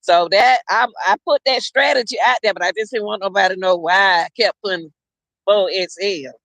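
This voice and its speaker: A man's voice: sits high, fairly quick, a bit bright, no room sound. A middle-aged man hosting a casual livestream, rambling and chatting directly to his viewers. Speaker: livestream host.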